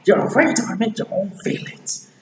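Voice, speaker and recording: A man voicing an excitable, talkative male donkey in a squeaky, pushy way while retelling a film scene. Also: normal speed, echoey room, big-room sound, recorded from a distance, slight background noise. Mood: insistent.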